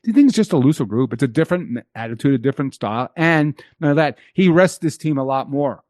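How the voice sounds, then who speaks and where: A man's voice: medium pitch, expressive, fast, a little mellow, dry recording, studio quality. A man talking as a guest on a hockey podcast, rattling on with repeated and restarted phrases. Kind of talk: casual podcast chat.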